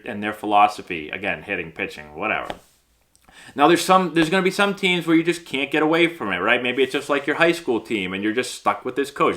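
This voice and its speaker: A man talks young baseball players through their options in a loose, chatty way. His voice is bright and forceful, sitting at an ordinary pitch for a man. He keeps breaking into quick impressions of players and coaches as he explains. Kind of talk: casual instructional talk to camera.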